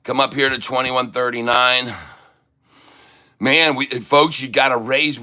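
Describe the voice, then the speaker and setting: Middle-aged guy live-streaming his stock trades, bright punchy voice, rattles off prices over and over, chanty hype-man vibe. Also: medium pitch, fairly even intonation. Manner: hype-man patter, rhyming chants, repeats prices rapidly. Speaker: live day-trading streamer. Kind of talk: excited live trading commentary.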